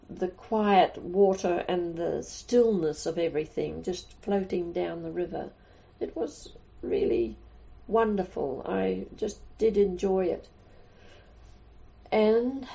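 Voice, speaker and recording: A woman's voice: medium pitch, vocal fry, dark tone. An older woman, a nun, telling rambling anecdotes in a casual interview, with many restarts. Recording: dull lo-fi recording.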